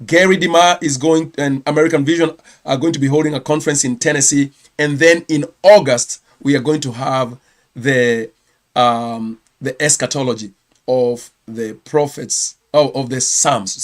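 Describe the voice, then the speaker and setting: A man's voice: mid-range voice, steady tone, normal speed. A Kenyan man, a pastor, giving a chatty live-streamed news round-up and correcting himself as he goes. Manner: chatty, self-correcting, reads viewer comments.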